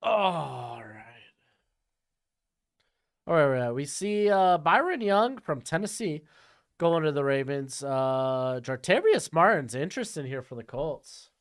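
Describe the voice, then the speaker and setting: A man's voice: a little high, expressive, normal speed, clear, resonant tone. A man streaming casually, reading viewer questions and commenting on draft picks. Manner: chatty, reads chat questions aloud.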